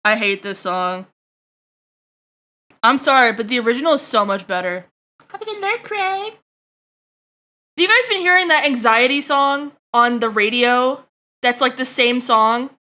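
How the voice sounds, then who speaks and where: High, bright-voiced woman streamer. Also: expressive, a little slow, pauses often. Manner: crude, joking, chatty with viewers. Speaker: livestreamer. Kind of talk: casual stream chat while drawing.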